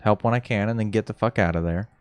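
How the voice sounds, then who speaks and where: A man's voice: fairly low pitch, quick pace, clean tone, dry recording. A young man rambling casually, telling a story with lots of fillers and self-mocking jokes. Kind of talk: casual chat.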